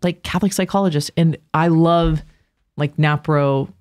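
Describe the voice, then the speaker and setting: A woman appearing as a podcast guest, talking in an animated, chatty way and laughing often. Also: low-pitched, normal speed. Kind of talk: casual chat.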